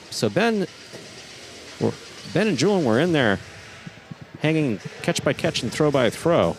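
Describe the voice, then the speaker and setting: A man calling live play-by-play, his voice leaping up on exciting plays and settling back to explain them. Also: a little high, a little hiss or hum. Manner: animated, voice jumps up on exciting plays. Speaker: play-by-play commentator. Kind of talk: live sports commentary.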